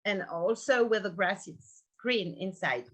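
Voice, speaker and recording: A woman's voice: mid-range voice, expressive, measured pace, a bit bright. A woman winemaker with a French accent presenting her estate over a video call, careful and a little apologetic about her English. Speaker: wine producer.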